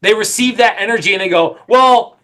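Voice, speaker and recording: Middle-aged guy coaching sales, bright forceful voice kinda high, pumped up and repeats himself a lot. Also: fairly quick. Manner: energetic, emphatic, repetitive. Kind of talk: coaching session.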